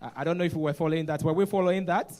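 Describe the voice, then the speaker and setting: A man's voice: fairly high pitch, steady tone, very fast, a little mellow. A man hosting a conference on stage, joking with the audience. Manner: playful, jokes with the audience. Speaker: conference host. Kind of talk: live event hosting.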